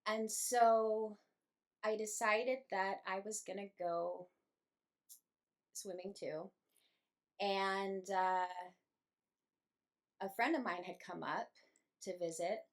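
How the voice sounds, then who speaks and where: A young adult woman, a medium, telling an emotional personal story to her viewers in a slow, heartfelt way. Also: mid-range voice. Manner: slow, emotional, breathy with feeling, laughs between phrases. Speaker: medium and channel host.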